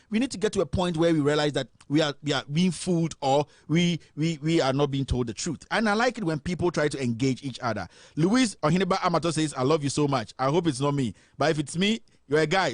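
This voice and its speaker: Man, call-in host, fairly high, dry close mic, chatty and joking, lots of fillers. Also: no room sound. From Ghana. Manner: animated, joking, reads out viewer comments; frequent fillers and restarts. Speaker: host of a live political stream. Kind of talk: live call-in talk show.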